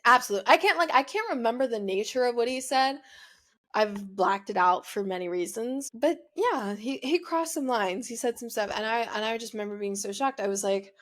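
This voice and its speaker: Brisk and animated, this young woman from the United States speaks in a slightly high, fairly bright voice as she hosts her show. Her breakup story comes out rambling and confessional, peppered heavily with "like" and "you know."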